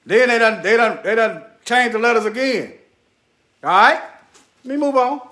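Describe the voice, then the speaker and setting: A man's voice: extremely high pitch, lively intonation, moderate pace, pushed and bright, echoey room. A man giving preachy commentary over a screen share. He talks straight to his viewers, repeats phrases for emphasis, and mutters asides while he searches.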